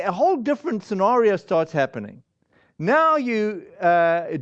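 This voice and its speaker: Pastor guy giving a chatty sermon, high voice, stumbles and restarts a lot, kinda muffled lo-fi sound. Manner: conversational, with many restarts and acted-out quotes of congregants.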